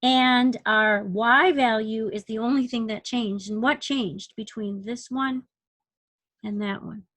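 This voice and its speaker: A woman's voice: on the high side, steady tone, slow pace, a bit bright, no room sound. Patient woman teaching a math lesson. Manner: patient, counts units aloud, asks the class questions. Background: dog barking.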